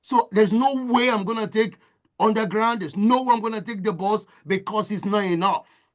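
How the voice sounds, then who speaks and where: A man's voice: high voice, moderate pace, lo-fi sound. A man from Nigeria, giving a motivational talk as impassioned storytelling with emphatic repetition. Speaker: motivational speaker.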